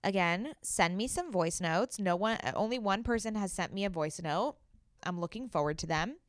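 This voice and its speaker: A woman's voice: mid-range voice, lively intonation, moderate pace, no echo, clean studio sound. A young woman hosting a podcast in a casual solo chat, chatty and giggly, tripping over her words now and then. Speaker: podcast host.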